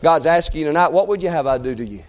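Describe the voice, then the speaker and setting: A man preaching a sermon in a church service, impassioned and building into shouted crescendos. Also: fairly high pitch, expressive, fast talker.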